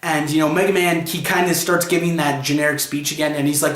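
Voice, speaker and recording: A man's voice: a little high, level tone, quick pace, a bit bright, roomy sound. A man giving a casual spoken comic book review, rambling through the plot with lots of "you know" and "he's like".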